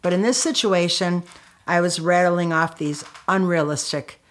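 A woman's voice: lowish voice, measured pace. A middle-aged woman, a guest on an interview show, telling her story in an emotional, candid way with many fillers and restarts. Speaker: guest, author and anti-violence activist. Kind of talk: conversational storytelling.

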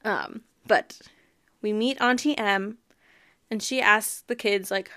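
A woman's voice: medium pitch, slow, fairly bright tone. A woman hosting a podcast, giving a casual, chatty recap of a book and its TV show, often breaking into laughter. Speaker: podcast host.

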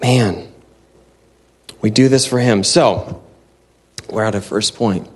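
A man's voice: on the low side, slow, a little mellow, slightly rough. A man preaching a sermon in a church, earnest and conversational, often restarting his sentences. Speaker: pastor.

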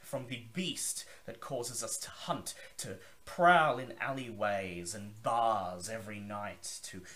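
A man's voice: on the low side, takes it slowly, few pauses, sharp tone. Man playing a grandiose vampire elder. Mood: intense, confiding. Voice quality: theatrical, declaiming. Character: grandiose male vampire elder, zealous preacher.

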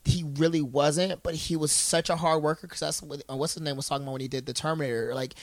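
A man with a fairly high voice, talking casually and rambling with lots of restarts. The sound is dry and close. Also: no room sound. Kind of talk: casual chat.

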